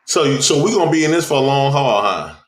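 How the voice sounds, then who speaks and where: A man's voice: medium pitch, expressive, brisk. A man hosting a livestream, teasing and crude in casual banter. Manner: teasing, crude, laughs a lot.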